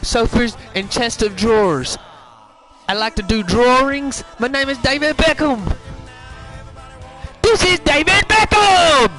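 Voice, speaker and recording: This man's voice is extremely high and a bit bright, with a steady tone and measured pace, and faint music plays behind him. He's doing a goofy, rambling impression of a silly British celebrity footballer hosting a pre-show, self-correcting as his fake accent slides from Cockney to Liverpool.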